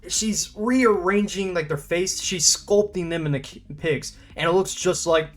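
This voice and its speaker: A young man giving a casual spoken movie review, rambling and stop-start with lots of fillers and restarts, breaking into laughs and animated bursts. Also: fairly high pitch, moderate pace, soft background music. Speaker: film reviewer.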